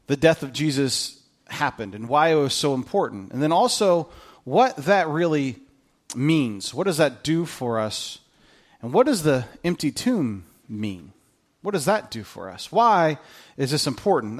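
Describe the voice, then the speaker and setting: A man preaching an Easter sermon in a casual, conversational way, reading scripture aloud and moving between quiet asides and emphatic peaks. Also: medium pitch. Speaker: pastor.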